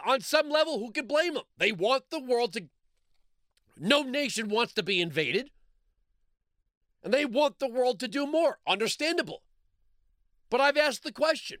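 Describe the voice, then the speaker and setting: A man's voice: extremely high pitch, fairly bright tone, no echo, clean studio sound. A man hosting a talk radio show, delivering a sarcastic, combative monologue and repeating lines for emphasis.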